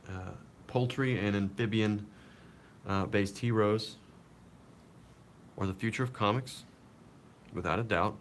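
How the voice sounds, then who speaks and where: A man with a lowish voice chats casually to his stream viewers while he draws at his desk. His talk rambles and he mutters self-mocking remarks as he works. A faint low rumble sits under the recording. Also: fairly even intonation, unhurried, pauses often. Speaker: comic artist streaming live drawing. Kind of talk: casual live-stream chat. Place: seated at a drawing desk.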